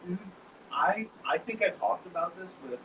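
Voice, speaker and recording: A man's voice: high voice, expressive, moderate pace. A man in a candid podcast conversation, blunt and swearing freely, acting out his own inner voice. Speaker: guest. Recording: roomy, distant mic with background noise.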